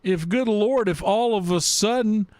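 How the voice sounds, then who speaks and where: A man's voice: sits high, unhurried, a little mellow, no room sound. A man hosting a gaming livestream, greeting and teasing his chat in a playful way and drawing words out in a singsong. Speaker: livestream host. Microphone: desk microphone.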